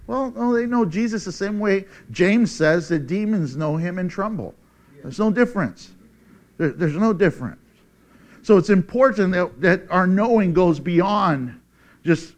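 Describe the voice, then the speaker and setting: Preacher guy, kinda high voice, swings way up and down, laughs a lot, gets loud on the big lines. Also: measured pace. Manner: animated, laughs often, shouts for emphasis; dramatic scripture reading. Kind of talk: sermon.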